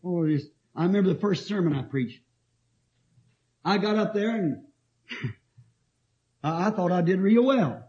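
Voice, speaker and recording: A man's voice: high voice, expressive, a little slow, pauses often, dark tone. A man preaching a sermon, reading scripture and telling stories in an emphatic way, often laughing. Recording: dull lo-fi old tape.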